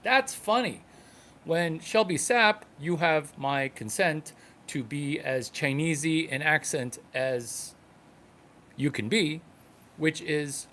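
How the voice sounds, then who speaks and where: Slow-talking comedian, higher man's voice. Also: a bit bright, slight background noise. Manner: halting, broken into short numbered points. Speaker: stand-up comedian. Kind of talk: comedic monologue.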